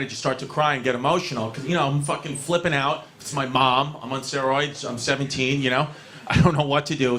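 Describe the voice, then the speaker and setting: A male comedian with a New York accent tears through a profane, self-mocking story on stage. His voice sits a little high for a man, and the set is captured with a clearly audible crowd and room noise behind him. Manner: brash, profane, self-mocking, fast rambling delivery with crowd laughter. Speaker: stand-up comedian.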